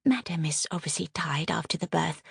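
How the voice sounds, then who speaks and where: A woman's voice: low-pitched, lively intonation, normal speed, creaky, slightly rough, no room sound, studio quality, full character voice. A woman voicing a cheerful, bustling nurse with a coaxing, sing-song manner of speaking.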